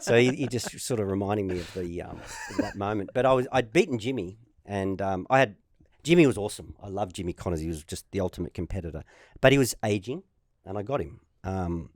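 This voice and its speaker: Aussie guy in his 50s telling tennis yarns, all over the place pitch-wise, talks quick. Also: no room sound, clean studio sound. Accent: Australian. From Australia. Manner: lively storyteller, acts out quotes. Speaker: guest, former tennis player. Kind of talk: casual anecdotal chat.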